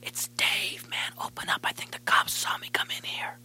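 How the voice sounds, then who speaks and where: A man playing an impatient guy locked outside a door in a comedy record, talking in a breathy hoarse whisper and pleading to be let in. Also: normal speed, pushed and bright. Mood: urgent whisper. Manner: pleading, exasperated, repeats himself.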